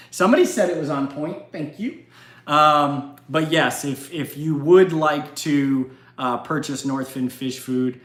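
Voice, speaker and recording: A man's voice: medium pitch, a bit bright, echoey room. A man hosting an aquarium channel in casual livestream chat, emphatic and chatty with frequent restarts.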